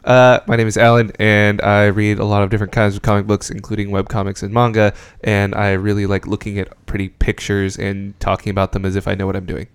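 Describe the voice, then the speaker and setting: Smooth-voiced self-deprecating man. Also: on the low side, little pitch movement, fast talker, hardly any pauses, no echo. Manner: self-deprecating, mock-offended. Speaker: podcast co-host. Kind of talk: casual podcast banter.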